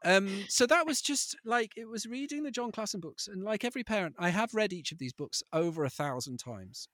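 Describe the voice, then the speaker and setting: A man in his thirties tells comic stories, slipping into little voices and quotes. His voice sits a touch high and swings widely in pitch, very animated. The sound is dry and close. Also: brisk, no room sound. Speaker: comedian. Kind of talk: comic storytelling.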